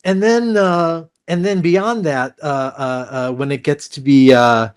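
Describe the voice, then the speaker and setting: A man's voice: on the high side, fairly even intonation, unhurried, clear, resonant tone. A man who works as a voice actor, telling stories in a casual, rambling way and acting out the people he quotes. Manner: rambling with many restarts and fillers. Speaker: voice actor guest. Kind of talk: casual storytelling.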